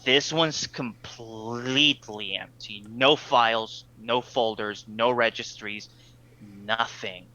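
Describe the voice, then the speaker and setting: A man narrating as game master in a tabletop game, halting and filling gaps with fillers and restarts. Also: medium pitch, steady tone, pushed and bright, poor audio.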